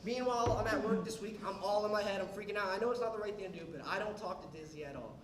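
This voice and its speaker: Young male stand-up comic, animated. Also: high voice, racing, slight background noise. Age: young adult. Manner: animated, acts out quotes of others. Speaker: stand-up comedian. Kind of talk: stand-up storytelling. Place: comedy club stage. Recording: roomy club sound from a distance, audience laughter. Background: audience laughing.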